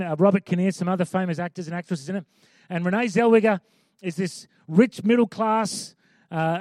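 A man's voice: sits high, a little mellow, no echo, studio quality. A man preaching a sermon as pastor, conversational with emphatic repeated lines.

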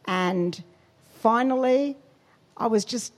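A woman giving a sermon testimony, telling her story with animated quotes and emphasis. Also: on the high side, slow. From Australia.

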